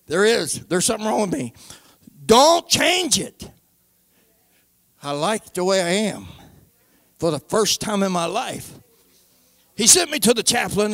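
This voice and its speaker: Fervent gravelly preaching man. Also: sits high, dry recording, clean studio sound. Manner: fervent, swings into shouting and back to hushed. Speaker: preacher giving testimony. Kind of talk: sermon testimony.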